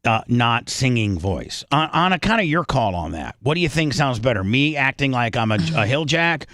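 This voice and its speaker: Rambling American radio host, dry studio sound. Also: male voice, medium pitch, big pitch swings, a bit bright, dry recording. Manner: rambling, halting restarts. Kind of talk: casual on-air banter. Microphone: studio microphone.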